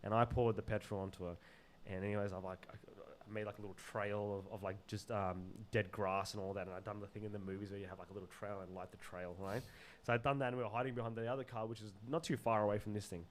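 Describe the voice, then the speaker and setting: Animated man telling stories, slangy. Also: lowish voice, fast talker, slight background noise. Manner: animated, loose with slang and swearing, laughs often. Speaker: podcast guest. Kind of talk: casual storytelling in an interview.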